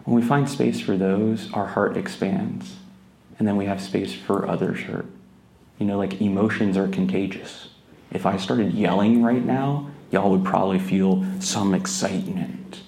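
Speaking in a creaky voice on the low side, this man leads a dharma talk at a retreat, relaxed and storytelling, gentle and given to laughter. The recording comes from an echoey retreat room, inside the hall, where he teaches meditation.

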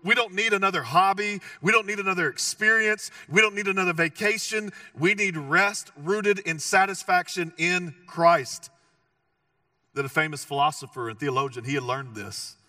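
A man's voice: high-pitched, moderate pace, pushed and bright, dry recording, clean studio sound, recorded from a distance. A man preaching a sermon as pastor, conversational and joking, with emphatic repeated phrases.

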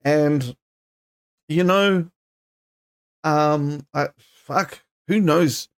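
A man's voice: fairly high pitch, very slow, smooth. A young man hosting a casual solo podcast, ranting heatedly in slangy, swear-filled talk. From New Zealand. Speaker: podcast host.

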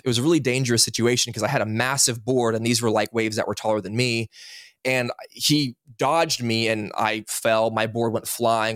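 A man in his thirties, a guest on a podcast, telling a personal story in an earnest, animated way and acting out what people said. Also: medium pitch, no room sound, studio quality. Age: 30s. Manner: earnest, animated, acts out quotes. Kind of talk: candid interview storytelling.

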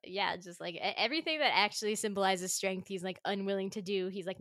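Woman co-host, casual chat, animated and giggly, acts out lines, dry close mic. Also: medium pitch, fairly quick, no room sound. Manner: animated, laughs often, acts out characters' lines. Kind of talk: casual chat about an anime.

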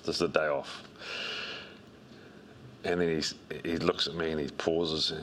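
A middle-aged New man with a remarkably low voice tells stories in a relaxed, rambling way, stopping for ums and restarts. A faint hiss sits under his voice. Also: measured pace, pauses often. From New Zealand. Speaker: strength and conditioning coach, guest. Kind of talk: interview storytelling.

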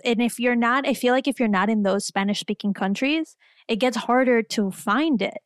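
A woman hosting a podcast interview in casual chat, enthusiastic and quick to gasp and laugh. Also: on the high side, no echo, studio quality. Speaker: podcast host.

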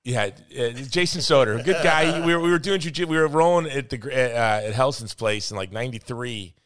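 A man's voice: medium pitch, brisk, a bit bright. A man hosting a podcast, talking in a casual, earnest and motivational way. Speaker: podcast host. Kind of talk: casual conversation.

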